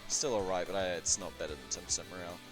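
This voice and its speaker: Swearing excitable gamer guy, lowish voice, guitar music loud behind him. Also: rapid-fire. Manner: profane, excitable, chanting at times. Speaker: gamer in multiplayer session. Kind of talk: casual gameplay commentary.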